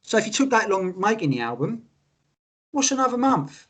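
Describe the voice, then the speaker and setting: A man co-hosting a casual podcast chat, animated and sweary, telling stories with quoted voices. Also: sits high, normal speed, husky. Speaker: podcast co-host.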